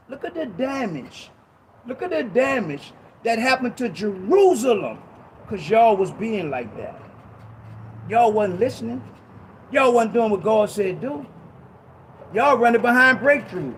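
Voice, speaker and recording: A man preaching an informal Bible teaching sermon, emphatic and slangy, repeating himself and breaking into shouted bursts. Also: extremely high pitch, sing-song, measured pace, pauses often, a little hiss or hum.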